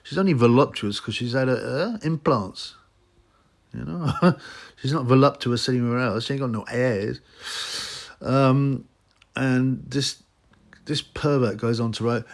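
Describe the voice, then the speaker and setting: A man's voice: a little slow, creaky, long pauses. A man hosting a boxing channel, ranting in a mocking, rambling way with many fillers and restarts. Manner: slips into mocking high voices when quoting. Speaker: boxing commentary channel host. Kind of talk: ranting casual monologue.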